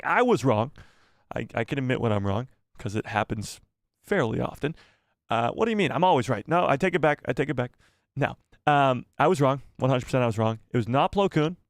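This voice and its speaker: A man's voice: medium pitch, smooth, dry recording, studio quality. A man hosting a live fan stream, chatting casually in a rambling, self-deprecating, joking way. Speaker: host of a live fan show.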